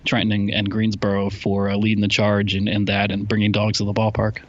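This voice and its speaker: A man's voice: fairly low pitch, completely flat delivery, a little fast, no echo, muffled recording. A man co-hosting a baseball podcast, joking casually. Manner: joking, self-deprecating. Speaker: podcast co-host.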